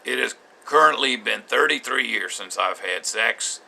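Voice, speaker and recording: An older man recounting his marriage in a bitter, halting spoken journal, with frequent restarts. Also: medium pitch, expressive, gravelly, pushed and bright.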